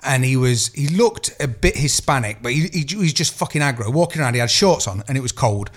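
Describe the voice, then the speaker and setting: A man in his thirties co-hosting a podcast, telling a long rambling anecdote. His voice sits at a middling pitch, and he swears freely and wanders off on tangents in relaxed chat. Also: a little fast. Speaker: podcast co-host. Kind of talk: casual chat.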